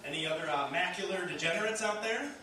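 A man's voice: high voice, fast. A man doing a stand-up routine, telling a self-deprecating story and working the crowd in a comedy club. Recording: echoey club from far off, loud crowd noise.

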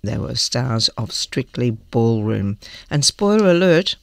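A woman's voice: rumbling low, sing-song, slow, creaky, no room sound. A woman hosting a talk show, chattily introducing the coming segments with some hesitant restarts. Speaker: radio show host.

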